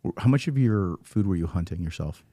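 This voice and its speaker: A middle-aged man from California hosting a podcast, asking questions and telling stories with lively acted-out quotes. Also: low-pitched, a little fast, no room sound. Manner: lively storyteller, acts out quotes. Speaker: podcast host. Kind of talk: casual interview chat.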